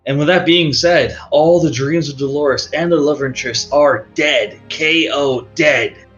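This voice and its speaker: A man's voice: a little high, unhurried, a bit bright. A man narrating a tabletop game as game master, in a casual, rambling way. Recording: dull lo-fi audio with faint music.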